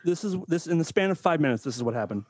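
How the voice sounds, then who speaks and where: A man hosting a podcast, trading crude, teasing banter in a deadpan, profane way. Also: fairly high pitch, rapid-fire, breathy edge, no room sound. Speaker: podcast host.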